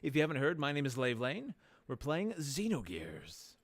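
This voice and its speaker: A man's voice: medium pitch, huge pitch swings, moderate pace, dry recording. A man streaming a game live, chatting playfully and joking with his chat.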